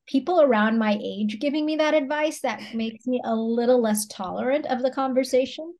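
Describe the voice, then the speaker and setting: Candid woman co-host, higher voice. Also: normal speed, a little mellow. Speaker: podcast co-host. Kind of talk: casual chat.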